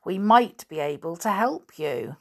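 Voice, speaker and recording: A woman voicing a bold, bossy schoolboy who gives brisk orders in a storybook reading. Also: lowish voice, expressive. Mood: lively. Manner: commanding, brisk.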